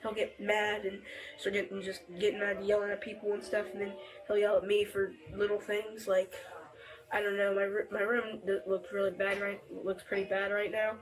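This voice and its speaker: A teenage girl inside her family home telling a deputy what happened, halting and rambling with many fillers and restarts, picked up by an officer's body camera. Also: medium pitch, little pitch movement, crowd noise, poor audio. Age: teens. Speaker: family member reporting to deputy. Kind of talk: recounting events to police.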